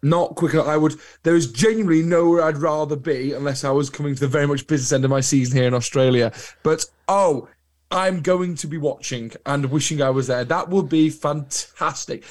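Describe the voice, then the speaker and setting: A young adult man with an English accent, co-hosting a podcast in casual chat, telling animated anecdotes. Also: fairly high pitch, fairly quick. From England. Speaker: podcast co-host.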